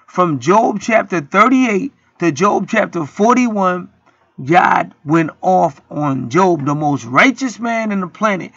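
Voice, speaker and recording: Heated, profane preacher man with a gravelly edge. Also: high voice, fairly bright tone, no echo, dull audio. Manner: profane, heated, rants and acts out quotes. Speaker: internet preacher. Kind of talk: street-style preaching monologue.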